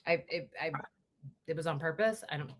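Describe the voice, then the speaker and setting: A woman guesting on a casual podcast, animated and joking, with frequent restarts. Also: sits low, fairly quick, slight background noise.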